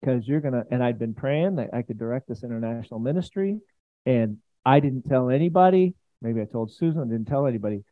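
A male pastor gives a chatty, enthusiastic sermon in a church and keeps turning to speak directly to his congregation. His voice sits at an ordinary middle pitch. The recording is dry, with no room sound, and its narrow band makes it sound like a phone line. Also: expressive, brisk, no room sound. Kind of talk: conversational sermon.

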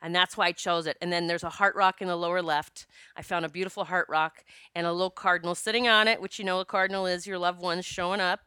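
A middle-aged woman telling a personal story in a casual, animated way, with swearing and laughter. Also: lowish voice, fast, hardly any pauses, clean tone, no room sound, studio quality. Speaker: author and speaker.

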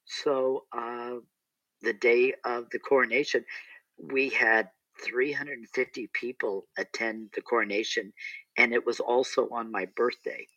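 A man's voice: medium pitch, steady tone, moderate pace, sharp tone, no echo, lo-fi sound. A middle-aged man, an entertainer, telling a rambling story in a casual interview with many restarts and asides.

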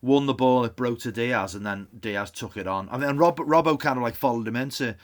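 A man talking casually in a football podcast, going through the match in a relaxed way and trailing off quietly at the ends of thoughts. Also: medium pitch, brisk. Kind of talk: casual match reaction chat.

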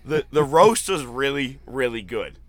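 A man hosting a casual podcast chat, retelling jokes with excited, profane laughter. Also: mid-range voice, unhurried, dry recording. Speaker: podcast host. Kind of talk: casual chat recapping an event.

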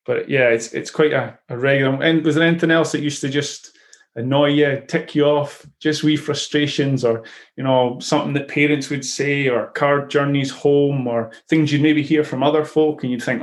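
Male host, coach type, mid-pitched, thoughtful and stop-start. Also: steady tone. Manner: reflective, halting with frequent restarts. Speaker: podcast host and football coach. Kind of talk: casual interview.

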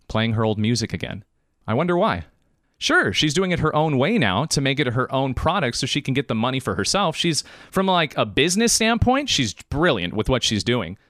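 A man's voice: mid-range voice, a bit bright, no room sound, studio quality. A man hosting a live-streamed podcast monologue, emphatic and choked up, repeating phrases for emphasis. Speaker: podcast host.

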